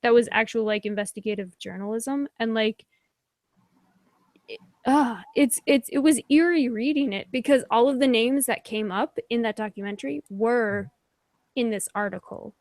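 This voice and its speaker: A woman's voice: fairly high pitch, normal speed, a little mellow, dry recording, studio quality. A woman hosting a casual online group chat, chatty and apologetic, filling her speech with "like.". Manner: chatty, apologetic, many likes. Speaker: host.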